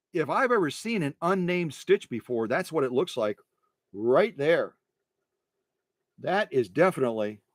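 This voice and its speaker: A man's voice: a little high, no room sound, studio quality. A man restoring sewing machines, talking casually through a stitching demo in his workshop, repeating phrases and breaking into playful mock rants.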